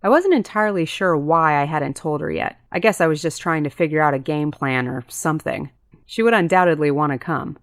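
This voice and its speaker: A woman's voice: fairly quick, no room sound, studio quality. A woman reading a first-person story as an audiobook narrator, switching into character voices for dialogue. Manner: voices characters with pitch lifts.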